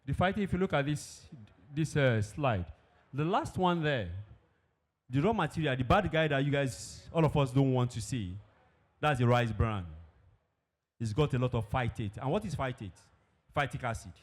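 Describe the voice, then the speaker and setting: A man teaches a room of farmers about feed. He explains patiently, repeats his key points and keeps asking the audience questions. His voice sits at an ordinary middle pitch. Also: lively intonation, moderate pace. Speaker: industry presenter. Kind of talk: technical presentation to farmers. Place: conference hall with a live audience.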